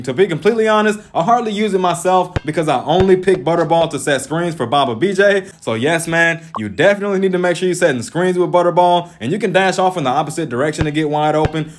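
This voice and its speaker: A man's voice: fairly high pitch, slight background noise. A man giving casual game tips as a voice-over, talking with constant "man" fillers in an exasperated, lecturing way. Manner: animated, frequent "man", lecturing. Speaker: gaming YouTuber.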